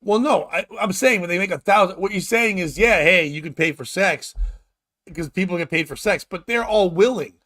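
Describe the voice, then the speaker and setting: A man hosting a casual comedy chat show, loud and animated, joking crudely with sudden shouts. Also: high voice, brisk, no echo, clean studio sound. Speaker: podcast host.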